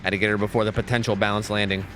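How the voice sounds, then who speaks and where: A man's voice: fairly low pitch, little pitch movement, racing, noisy background. A man streaming a game, ranting and chatting casually with viewers, swearing often. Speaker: gaming streamer. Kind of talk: casual live-stream commentary.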